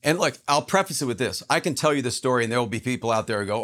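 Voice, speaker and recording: A man's voice: mid-range voice, lively intonation, rapid-fire, fairly bright tone. A man telling a personal story as a podcast guest, earnest and emphatic.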